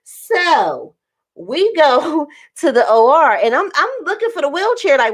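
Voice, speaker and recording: A woman's voice: high-pitched, very animated, a little fast. A young woman vlogging to camera in casual storytelling, acting out quoted lines in a raised voice and laughing often.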